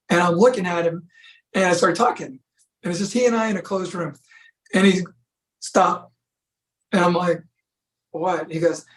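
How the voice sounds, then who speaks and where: A man's voice: on the high side, low-quality recording. Laid-back man telling stories. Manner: laid-back, storytelling, says "you know" often. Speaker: guest. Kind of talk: relaxed conversational interview. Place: from Sacramento.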